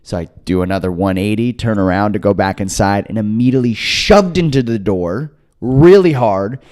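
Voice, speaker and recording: On a comedy podcast, a young male co-host with a voice on the low side speaks at normal speed. He spins a story casually and animatedly, performing the voices of its characters.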